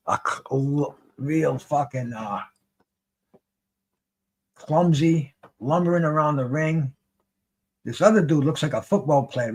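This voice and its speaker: Zachrypnięty mężczyzna, luźny komentarz bokserski. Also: male voice, on the high side. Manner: rambling, swears freely, many restarts, excitable. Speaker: streamer commenting on a live boxing broadcast. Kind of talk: casual live fight commentary.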